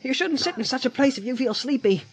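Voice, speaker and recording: A man's voice: extremely high pitch, expressive, fast, husky, pitched above the performer's own voice, full character voice. A man voicing a loyal, stout-hearted young male hobbit servant in an audiobook, with plain, homely country speech. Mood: reassuring. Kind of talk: audiobook character voice.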